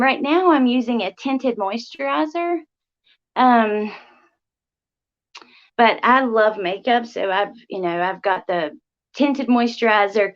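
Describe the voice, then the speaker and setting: A young woman hosting a casual livestream, rambling through viewer comments with lots of ums and likes. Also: a little high. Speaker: livestream host. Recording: slightly dull lo-fi audio.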